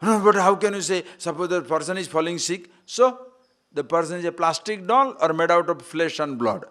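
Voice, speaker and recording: A man's voice: on the high side, animated, normal speed, fairly bright tone. A man giving a spiritual discourse as a swami, asking rhetorical questions and acting out quoted voices. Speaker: swami teaching scripture.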